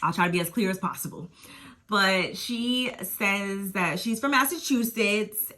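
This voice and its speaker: A woman's voice: medium pitch, bright, forceful tone. Chatty slangy woman recapping reality TV. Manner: chatty, slangy, laughs often, mimics reactions. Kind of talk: casual recap and review.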